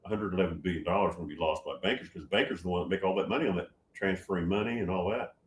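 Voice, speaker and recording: A man in his seventies hosting a casual livestream, reading viewer comments and answering them, getting loud and excited with many restarts. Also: deep voice, rapid-fire, echoey room, slight background noise. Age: 70s. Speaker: livestream host answering chat.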